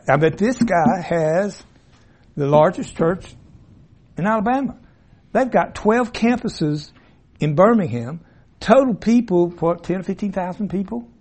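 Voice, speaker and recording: A man's voice: high voice, a little mellow. A man teaching an informal Bible class in a classroom, folksy and rambling with asides and restarts. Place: classroom with a board. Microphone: room mic, at times turned away.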